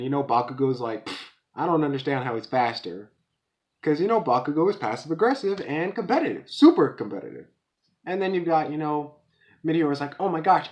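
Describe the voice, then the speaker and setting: A man giving a casual, excited episode review, talking in slang and acting out characters in quick voices. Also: mid-range voice.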